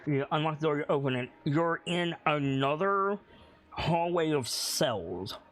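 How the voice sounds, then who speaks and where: A man narrating as game master of a tabletop game, building the scene slowly, detail by detail. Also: a little high, expressive, fairly bright tone. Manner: slow, descriptive, builds scenes piece by piece.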